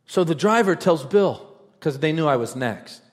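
A man preaching a sermon, telling stories conversationally and rising to fervent, shouted peaks. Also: on the high side, expressive, moderate pace. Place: large event hall. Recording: reverberant large hall.

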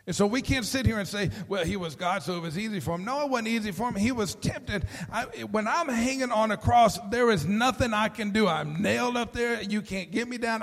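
A man preaching a sermon as pastor, telling stories with lively acted-out voices and often repeating words as he starts a sentence. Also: sits high, long reverb tail. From Texas.

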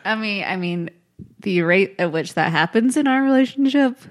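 A woman's voice: medium pitch, lively intonation, normal speed. Woman animatedly retelling with acted quotes. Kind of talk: casual chat.

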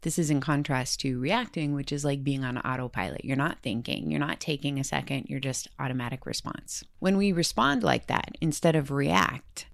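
A woman with a low voice and a gravelly edge, talking in a casual self-help podcast. She sounds earnest and reflective, and her pace picks up when she gets worked up. The sound is dry and close to the mic, with no room around it. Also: dry recording. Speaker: podcast host.

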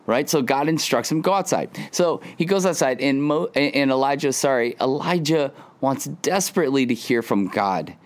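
A man preaching a sermon as pastor, earnest, rising into high pleading lines and dropping to quiet, hushed words. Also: expressive, moderate pace, hardly any pauses. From Southern California. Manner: earnest, rising to high emphatic pleas, dropping to soft near-whispers.

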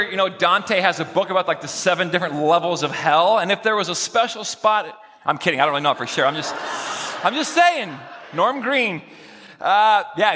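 Bright-voiced joking pastor in a reverberant church. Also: male voice, sits high. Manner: jokey, chatty, banters with the congregation. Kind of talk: sermon. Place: church sanctuary with pews.

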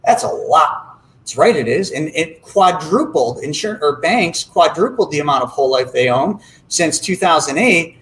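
A man giving an explanatory talk about money to an audience, acting out little dialogues in an animated way. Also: on the high side, moderate pace, roomy sound, poor audio. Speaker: financial educator.

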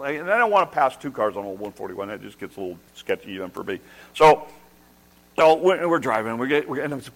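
A middle-aged man preaching a sermon as a pastor, telling a story with animated, self-deprecating humor and excited restarts. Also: mid-range voice, fast talker, creaky, low-quality recording. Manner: restarts and repeats words when excited.

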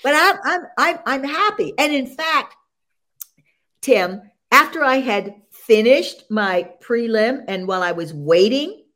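An older woman with a high, lively voice, recounting her races as an interview guest. She speaks slowly and deliberately, with frequent laughs and a proud, animated manner. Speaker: interview guest, senior sprinter. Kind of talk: casual interview storytelling.

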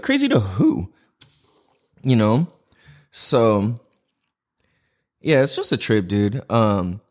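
A man hosting his own podcast at home, talking casually to the mic in a slangy, profane, animated way. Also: mid-range voice. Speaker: podcast host. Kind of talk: casual solo podcast monologue. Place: indoors in a house. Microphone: podcast mic with cameras recording.

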